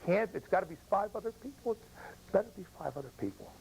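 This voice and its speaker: An older American man, a veteran, telling an emotional personal war story with halting pauses. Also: sits high, expressive, vocal fry, a little mellow, breathy edge, rough recording. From United States. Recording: old radio broadcast recording.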